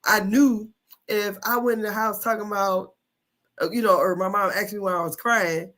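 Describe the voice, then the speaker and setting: A woman's voice: medium pitch, fairly even intonation, moderate pace, a bit bright. A woman in her fifties, a podcast host telling a childhood story in casual chat, laughing often and swearing freely.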